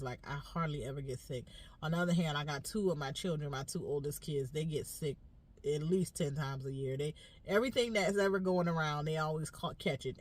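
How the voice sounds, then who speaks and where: A congested woman nurse chatting casually and directly to her viewers, trailing off and restarting often. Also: deep voice. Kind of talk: casual vlog talk to viewers. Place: inside a car. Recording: distant mic, loud car noise.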